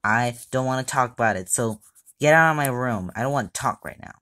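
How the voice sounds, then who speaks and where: A woman voicing a bratty young logo character in a whiny tantrum, shouting rudely in an amateur skit. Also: extremely low pitch, animated, brisk. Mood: sulky.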